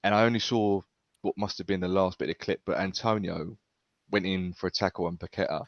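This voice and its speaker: Male panelist, low and fast, self-deprecating, joking. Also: steady tone, dry recording, highs cut off. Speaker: podcast panelist. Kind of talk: casual fan chat on a live stream.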